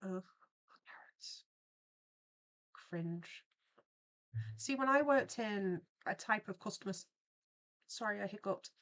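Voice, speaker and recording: A woman's voice: medium pitch, lively intonation, a little slow, pauses often, fairly bright tone. Young woman, livestream host, casual chat, rambling, chatty asides. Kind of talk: casual chat while drawing on stream.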